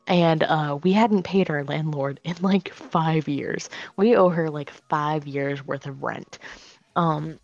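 A woman's voice: sits low, takes it slowly, highs cut off. A woman co-hosting a casual podcast, rambling with lots of fillers and restarts. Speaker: podcast co-host.

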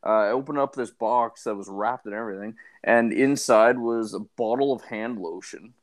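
A laid-back man co-hosting a podcast, chatting casually and swearing easily. His voice sits at an ordinary mid pitch for a man. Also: moderate pace. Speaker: podcast co-host. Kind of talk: casual chat.

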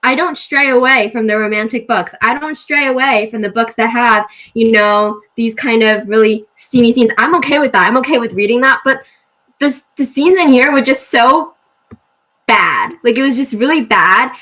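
A woman in a casual book discussion, animated and incredulous, acting out scenes as she talks. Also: a little high, moderate pace. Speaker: book club member.

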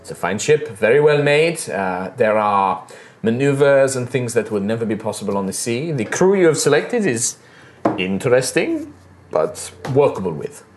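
A man's voice: medium pitch, big pitch swings, normal speed, a little hiss or hum, pitched below the performer's own voice, lightly acted. A man voicing an orc woman first mate with a French accent, formal and respectful. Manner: formal, respectful, slightly hesitant.

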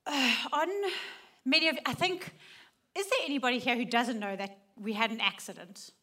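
A middle-aged woman speaks to a church gathering, earnest and personal. Her voice sits fairly high and rings bright and forceful. She moves from loud, laughing lines to soft, hushed ones. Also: moderate pace. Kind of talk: personal testimony talk.

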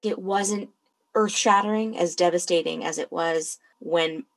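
Animated candid young woman. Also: lowish voice, gravelly. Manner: animated and candid, with quick laughs. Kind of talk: casual conversational podcast.

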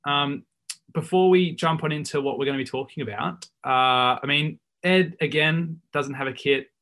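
A man hosting a football podcast in a relaxed, chatty way, often pausing with ums. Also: fairly high pitch. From England. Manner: laid-back, lots of ums and "so yeah". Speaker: podcast host. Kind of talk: casual chat.

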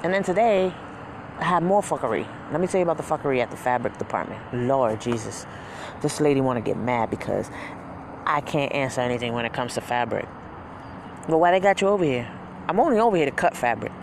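A vlogger vents about a bad day in a profane, animated casual rant, acting out customers in mocking voices. The voice sits at a middling pitch. Clear car road noise hums underneath, as if recorded inside a vehicle. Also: fast talker.

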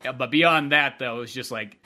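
A man hosting a podcast in casual chat, animated and laughing often. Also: medium pitch, brisk, faint music behind. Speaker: podcast host.

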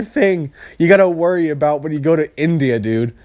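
A man's voice: a little high, moderate pace, hardly any pauses, a little mellow, dry recording, studio quality. A young man hosting a solo podcast, rambling and swearing freely and laughing at his own jokes. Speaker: podcast host. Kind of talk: casual solo podcast rant.

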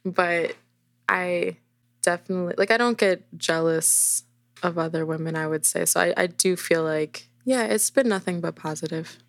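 A woman's voice: lowish voice, moderate pace, creaky, no room sound. A woman guest talking candidly and thoughtfully about her work as a dancer, earnest and reflective. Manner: earnest, reflective, some restarts. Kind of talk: candid interview answers.

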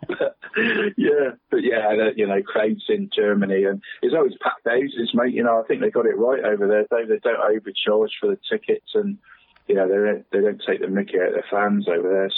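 A man on local radio talking about football, chatty and relaxed, saying "mate" constantly and chuckling often. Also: fairly low pitch, breathy edge, dry recording. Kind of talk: casual phone-in chat. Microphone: phone. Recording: tinny phone line.

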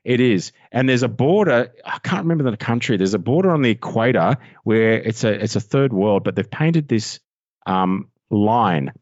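Rambling Australian man, low voice. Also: normal speed, dry recording, highs cut off. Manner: excitable, rambling, laughs at himself. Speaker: voiceover artist guest. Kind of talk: casual podcast chat.

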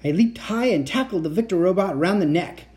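A man's voice: sits high, expressive, fairly quick, darkish tone. A man reading a children's book aloud, narrating the story expressively and acting out the dialogue. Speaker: reader of children's books.

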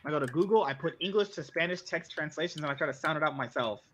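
A man's voice: on the high side, fast talker, fairly bright tone. A man hosting a casual podcast chat, goofy and joking.

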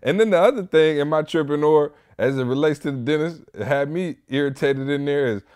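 A young man hosting a podcast, chatting casually and telling animated stories, jumping to high-pitched voices when he imitates people. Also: fairly quick, smooth. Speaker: podcast host. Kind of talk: casual chat.

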